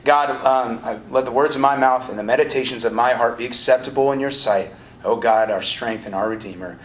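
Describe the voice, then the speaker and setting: A man's voice: mid-range voice, fairly quick, a bit bright. A man preaching a live sermon to college students, talking casually, cracking jokes and getting the crowd to answer back. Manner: conversational, joking, prompts audience call-and-response. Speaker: college ministry director and preacher. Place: lecture hall or auditorium at a college. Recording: roomy live hall with faint ambient noise.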